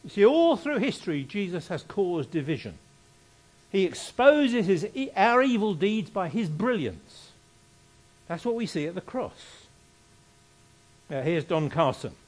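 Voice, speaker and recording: A man's voice: sits high, big pitch swings, unhurried, pauses often. A man preaching a sermon, reading scripture aloud and repeating key phrases for emphasis.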